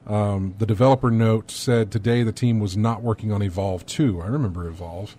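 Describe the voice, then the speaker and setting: A man's voice: lowish voice, fairly even intonation, a little fast, dark tone, a little hiss or hum. A man co-hosting a casual gaming news talk, rambling and thinking aloud with many fillers. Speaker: podcast co-host.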